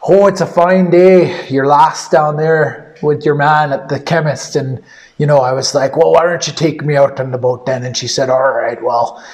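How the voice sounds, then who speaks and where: A man's voice: fairly high pitch, fairly even intonation, moderate pace, close to an everyday voice. A man putting on an exaggerated mock Irish accent, voicing a chatty rural Irish man telling a yarn. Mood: hammy.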